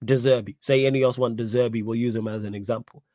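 A man's voice: medium pitch, quick pace, no echo, studio quality. Slangy man hosting a live chat. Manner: animated, slangy, repeats his points for emphasis. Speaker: podcast host reading live chat. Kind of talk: casual live-stream chat.

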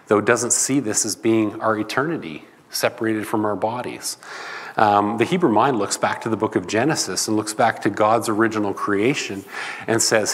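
A man's voice: on the low side, long reverb tail. A man preaching a sermon in a loose, conversational teaching manner. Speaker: pastor.

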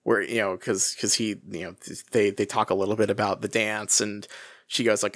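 A man's voice: fairly quick, no room sound. Hesitant man chatting in a dry room. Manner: hesitant, many restarts, animated pitch swings. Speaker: podcast co-host. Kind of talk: casual book discussion.

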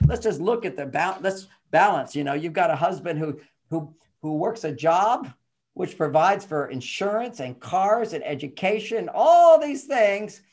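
A man's voice: high-pitched, a little slow. An older man, a guest on a podcast, explaining relationships in casual chat and acting out the voices of the people in his stories. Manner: animated storytelling, acts out quoted voices.

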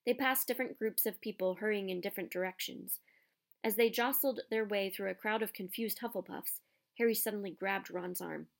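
A woman reading a children's novel aloud with expressive storytelling. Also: mid-range voice, fairly quick, gravelly. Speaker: narrator. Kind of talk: audiobook narration.

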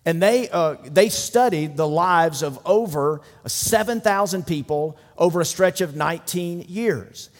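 Casting: middle-aged male pastor, fairly high voice, easygoing preaching with humorous asides, long church reverb. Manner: conversational preaching with jokes and asides. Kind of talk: sermon.

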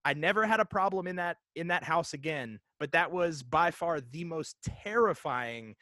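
A man in his thirties telling a ghost story in casual chat, animated and halting, with lots of fillers and restarts. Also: on the high side, dry recording.

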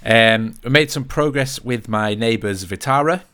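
A man's voice: medium pitch, normal speed, fairly bright tone, smooth. A man, co-hosting a podcast. He talks in a laid-back, sweary way, full of ums. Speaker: podcast co-host. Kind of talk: casual podcast chat.

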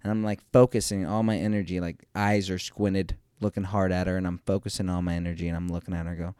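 A man with a lowish, smooth voice tells a rambling personal story, self-deprecating and sprinkled with swearing. The sound is close and dry, with no room to it. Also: brisk, mellow, no room sound.

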